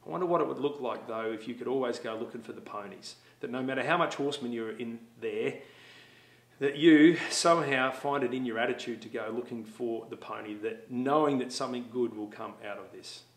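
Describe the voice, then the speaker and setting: A man's voice: mid-range voice, brisk. A middle-aged man, talking to students about attitude and telling stories. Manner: storytelling, acts out voices. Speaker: motivational speaker for schools. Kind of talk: talk to students. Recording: echoey room.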